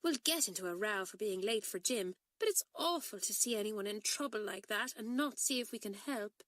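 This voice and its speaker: A woman voicing a warm-hearted schoolgirl twin who speaks earnestly and coaxingly. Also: medium pitch, animated, normal speed, no room sound, studio quality, lightly acted.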